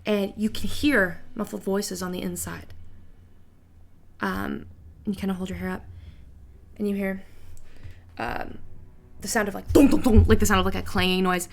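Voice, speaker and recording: Gravelly-voiced woman narrating a tabletop game. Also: mid-range voice, steady tone, moderate pace, long pauses. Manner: casual, filler-heavy narration. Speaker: game master.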